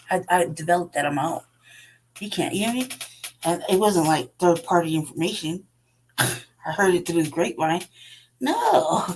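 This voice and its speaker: A woman's voice: fairly low pitch, slight background noise, low-quality recording. A woman, hosting her own show and ranting bluntly and profanely, laughing often. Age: 40s. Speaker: podcast host. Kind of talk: unscripted rant.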